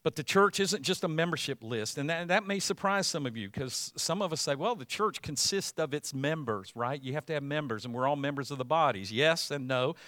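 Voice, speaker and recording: A man preaching a sermon as pastor, conversational at first, then building to loud, emphatic passages. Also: fairly high pitch, expressive, brisk, few pauses, dry recording.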